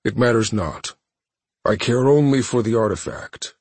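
A man voicing a cold, calculating alien warlord who speaks in measured, condescending phrases. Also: medium pitch, darkish tone, husky, no room sound, voice pushed up.

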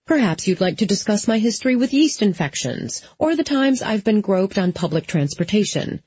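A woman voicing a sharp-tongued, sarcastic young woman in an audiobook. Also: on the low side, animated, slow pace, breathy edge, dry recording, full character voice. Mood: snappy. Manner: sarcastic, snappy. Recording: slightly dull lo-fi.

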